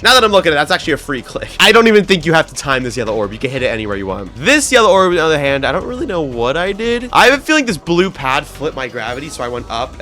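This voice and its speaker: A young man talks through a hard game level in bright, bouncy commentary, his pitch jumping all over as he reacts. He sounds chatty and pokes fun at himself. Faint game music plays under his voice. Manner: excitable, chatty, self-deprecating, quick exclamations. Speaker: gaming YouTuber. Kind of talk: gameplay commentary.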